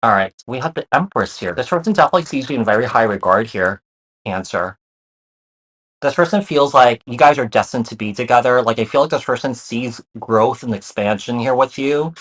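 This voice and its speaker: A man's voice: mid-range voice, animated, brisk, fairly bright tone. Guy doing a laid-back tarot reading, talks straight to the viewer, repeats stuff a lot, lots of fillers. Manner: repeats phrases, many fillers, reassuring. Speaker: tarot reader.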